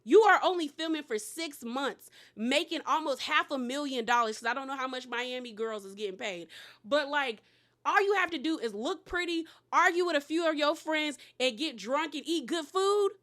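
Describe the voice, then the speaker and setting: A woman vlogger recapping a reality TV episode in a casual, chatty way, sassy and animated, laughing often and talking straight to the cast with "girl". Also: high-pitched, moderate pace. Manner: laughs often, bursts into loud exclamations.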